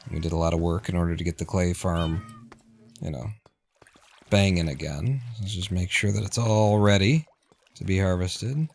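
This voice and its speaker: Low-voiced man streaming a game. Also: normal speed, vocal fry, husky. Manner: relaxed, muttering to himself. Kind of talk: casual gameplay commentary. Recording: noisy home recording.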